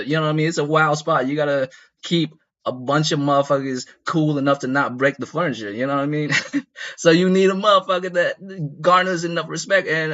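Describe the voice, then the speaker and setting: A man's voice: mid-range voice, pushed and bright, dull audio. A man telling a rambling, profane story in a casual comedic way, often asking the listeners whether they follow. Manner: rambling, profane, laughs at his own story.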